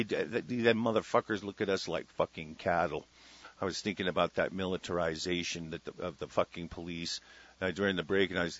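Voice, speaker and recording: A man hosting a solo talk radio show, ranting with heavy profanity, dropping from muttered asides to loud declarations. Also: low voice, no room sound. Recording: lo-fi radio broadcast sound.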